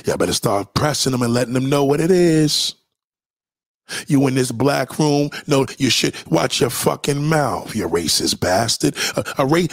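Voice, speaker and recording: A man's voice: mid-range voice, no echo, clean studio sound. A man giving a heated, profane reaction rant as a commentator, talking back to a clip. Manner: profane, confrontational, preachy.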